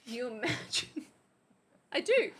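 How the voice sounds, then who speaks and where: A woman's voice: sits high, sing-song, slow, a bit bright, breathy edge. A woman giving a playful, mock-teacherly lesson on slang in casual stream chat, often giggling. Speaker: guest teaching Australian slang.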